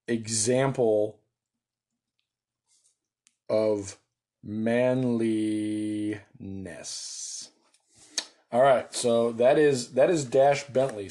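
An American man talking casually through a solo tabletop game, excited, joking and swearing freely. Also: medium pitch, slight background noise. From United States.

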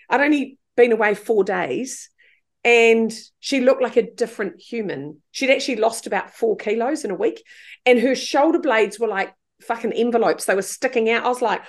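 Lively swearing woman storyteller. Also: on the high side. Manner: animated, swears freely, acts out her own quoted lines. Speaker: podcast guest. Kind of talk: casual storytelling chat.

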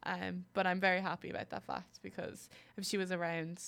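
A woman's voice: on the low side, level tone, a little fast, vocal fry, a bit bright. A young Irish woman co-hosting a podcast, chatting casually and laughing often at her own expense. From Ireland. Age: young adult. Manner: self-deprecating, giggly. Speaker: podcast co-host. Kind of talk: casual chat.

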